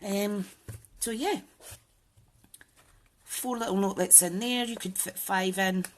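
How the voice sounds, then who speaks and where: A woman's voice: mid-range voice, fairly even intonation, slow, slight background noise. A woman hosting a casual crafting tutorial, chatting and thinking aloud with frequent ums. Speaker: papercraft channel host.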